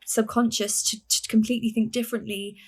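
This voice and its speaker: A woman's voice: fairly high pitch, level tone, brisk, a little mellow, breathy edge. A woman guest on a casual podcast who talks reflectively and sometimes searches for her words mid-sentence. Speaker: podcast guest, fitness coach.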